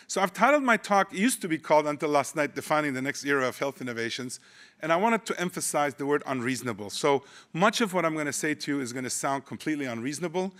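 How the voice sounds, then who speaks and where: A man's voice: medium pitch, a bit bright. A man in his sixties giving a conference keynote, conversational and wry, often restarting his phrases. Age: 60s. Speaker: keynote speaker.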